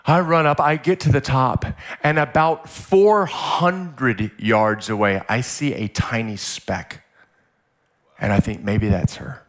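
A man preaching a sermon as a guest pastor, telling a story in a vivid, animated way. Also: medium pitch, takes it slowly. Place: church service.

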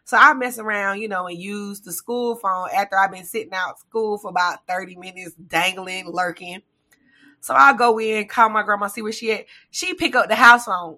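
Bright-voiced woman podcast co-host. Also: mid-range voice, fairly quick. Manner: animated storytelling, laughs often, acts out relatives' lines. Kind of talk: casual chat.

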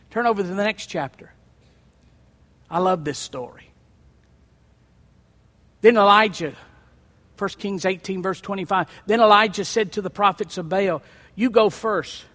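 A man preaching a sermon, reading scripture aloud and breaking in with lively asides. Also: sits high. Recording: long hall reverb.

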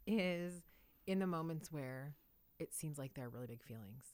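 A woman's voice: low-pitched, animated, moderate pace, darkish tone, no echo. A woman in her thirties talking in a thoughtful, reflective way on a podcast and laughing often. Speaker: podcast co-host. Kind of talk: casual conversation.

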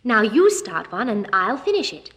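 A woman's voice: on the high side, big pitch swings, normal speed. A woman co-presenting a children's radio program, singing nursery rhymes and playing word games in a childlike, playful manner.

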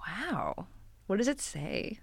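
A woman's voice: medium pitch, big pitch swings, takes it slowly, gravelly, husky, no room sound. A woman co-hosting a podcast in casual chat, giggly and chatty with lots of fillers. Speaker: podcast co-host.

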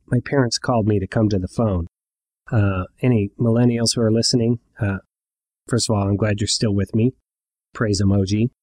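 A man's voice: fairly low pitch, a little mellow, no room sound, studio quality. A middle-aged man telling a personal story in a wry, conversational way with asides to the listener.

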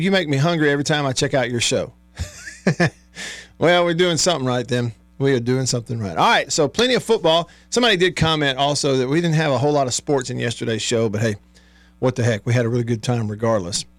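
A chatty man hosts a talk radio show from a studio, his voice sitting at an everyday middle pitch. He reads listener texts in a relaxed, easygoing way and laughs often. The sound is close and dry, with no room around it. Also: fast talker, dry recording. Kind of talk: casual sports talk radio chat. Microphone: studio microphone.

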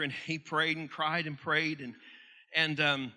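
A man's voice: fairly high pitch, level tone, moderate pace, pushed and bright. A male pastor preaching a sermon, stressing questions hard and often restarting his words. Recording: hall reverb.

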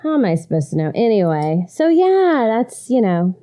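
Middle-aged woman, higher-pitched, mellow tone, expressive storytelling, casual podcast chat. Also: normal speed. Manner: expressive storytelling, acting out voices. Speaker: podcast co-host.

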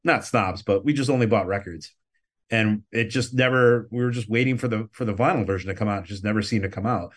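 Rambling, profane man with a low voice. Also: a little fast. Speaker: guest, record label owner. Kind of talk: casual interview storytelling.

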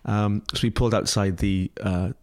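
Lively Scottish man telling a story. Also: lowish voice, normal speed. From Scotland. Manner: rambling, laughs often, many restarts and fillers. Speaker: interview guest. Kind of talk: casual storytelling.

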